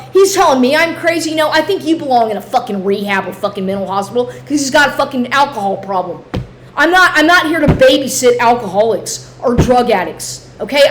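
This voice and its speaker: A woman's voice: high-pitched, slight background noise. Agitated, cursing woman ranting. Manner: agitated, swearing, repeating herself. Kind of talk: angry personal rant to camera.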